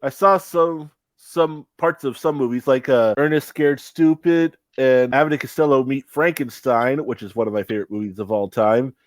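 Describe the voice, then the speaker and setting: A man's voice: mid-range voice, normal speed, hardly any pauses, dry recording. A young man co-hosting a casual chat, rambling with many fillers and restarts. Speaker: podcast co-host.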